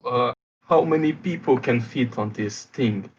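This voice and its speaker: Husky man on a muffled mic. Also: medium pitch, measured pace. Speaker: player. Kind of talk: casual tabletop game chat.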